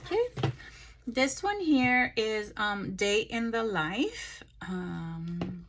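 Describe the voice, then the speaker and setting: A tired woman chatting casually through a craft haul, relaxed and full of ums and pauses, recorded on a phone. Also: fairly high pitch, slight background noise. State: tired, yawning. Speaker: craft vlogger. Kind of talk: casual show-and-tell chat.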